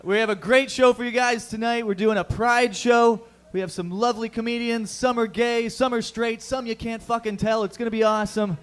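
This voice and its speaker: A young man hosting a stand-up comedy show in a bar, brash and profane with loud crowd work, on a stage mic. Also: very high voice, fairly even intonation, fairly quick, hardly any pauses, clear, resonant tone.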